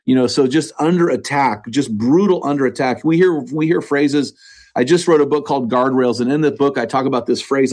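An American man speaks with earnest, preacher-like conviction, his voice sitting at an ordinary middle pitch. He restarts phrases often and leans hard into his points. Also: a little mellow. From United States. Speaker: podcast host and author, interview guest. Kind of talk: conversational interview. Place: church studio office.

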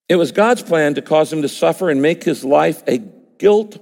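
A man's voice: fairly high pitch, lively intonation, fairly quick, vocal fry, a little mellow. A man preaching a sermon, emphatic and conversational, often acting out his listeners' imagined words. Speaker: pastor. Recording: long hall reverb.

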